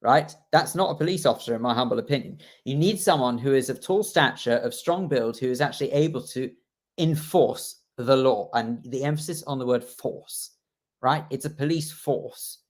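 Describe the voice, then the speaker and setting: A man's voice: mid-range voice, fairly quick. Emphatic man ranting on radio. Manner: ranting, emphatic, self-correcting. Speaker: radio co-host. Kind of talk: opinionated radio talk.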